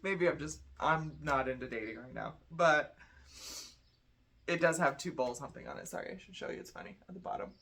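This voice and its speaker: A woman's voice: deep voice, fairly quick, fairly bright tone. A tired young woman giving a casual tarot reading, chatty and blunt, swearing freely. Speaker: tarot reader.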